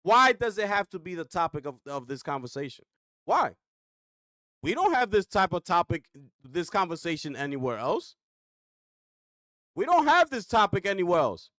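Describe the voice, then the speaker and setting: A man's voice: sits high, big pitch swings, moderate pace, long pauses, bright, forceful tone, no room sound, clean studio sound. A man reacting to a clip on a gaming stream, ranting with rhetorical questions and slang.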